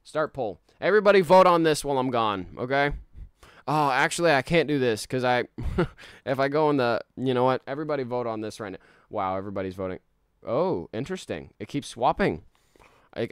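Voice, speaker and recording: Chatty excitable man streaming a game. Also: medium pitch, fairly quick, clean tone, no echo, studio quality. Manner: excitable, chatty, laughs often, talks to chat. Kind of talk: live gameplay stream chat.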